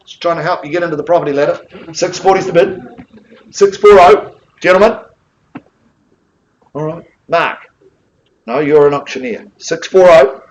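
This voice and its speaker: Auctioneer, male, New Zealand accent, fairly high voice, calls live bids and teases the room. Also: moderate pace, long pauses, highs cut off, a little hiss or hum. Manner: joking, coaxing banter between bid calls. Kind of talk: live property auction calling.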